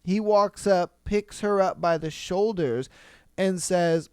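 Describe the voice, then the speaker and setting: A man hosting a podcast, reading listener stories aloud and reacting with animated, profane disbelief. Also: high voice, slow pace, smooth, dry recording, clean studio sound. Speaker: podcast host. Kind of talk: casual commentary reading stories.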